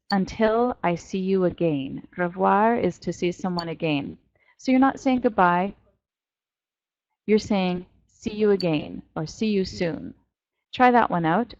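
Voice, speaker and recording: A woman's voice: mid-range voice, a little mellow, no room sound. Middle-aged woman, online language teacher, encouraging drill style, muffled dry headset sound. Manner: encouraging, drills pronunciation slowly. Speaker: French teacher. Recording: dull, dry lo-fi audio.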